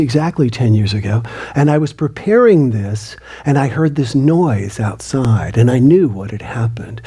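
A man and author giving an earnest storytelling talk, often dropping his voice to a hushed near-whisper. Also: medium pitch, husky. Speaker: motivational speaker and author.

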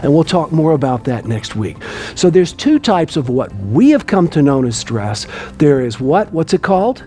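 A man, lecturing a class and quizzing the room with lively, emphatic delivery. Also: a little high, moderate pace, soft background music. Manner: lively, asks the room questions. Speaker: teacher.

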